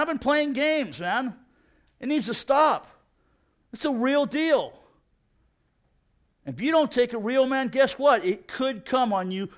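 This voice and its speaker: A middle-aged man giving a casual, energetic sermon, peppering his talk with "man" and asking "you know what?". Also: high-pitched. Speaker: preacher.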